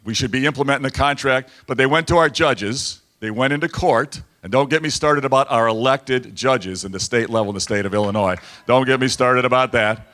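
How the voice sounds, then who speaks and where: Man, political dinner speech, storytelling, emphatic repetition, mid-pitched voice. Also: brisk, hardly any pauses. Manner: storytelling, animated, repeats lines for emphasis. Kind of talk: campaign-style speech. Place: banquet hall at a dinner event.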